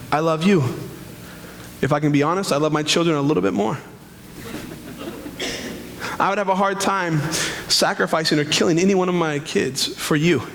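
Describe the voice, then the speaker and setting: High-voiced male pastor preaching. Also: a bit bright, big-room sound, a little hiss or hum. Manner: emphatic preaching, shifting between slow stresses and quick asides. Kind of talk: sermon. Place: church.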